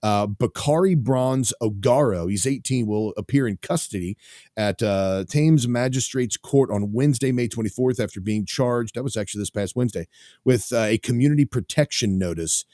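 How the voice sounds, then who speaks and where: A man's voice: medium pitch, moderate pace, dark tone, no room sound, studio quality. A man hosting a talk radio show, chatting casually and rambling with lots of fillers.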